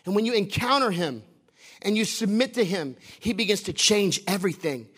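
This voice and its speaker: A man's voice: sits high, expressive, moderate pace, fairly bright tone. A man preaching a sermon to a congregation from a stage, passionate and emphatic, repeating phrases and at times half-singing his lines.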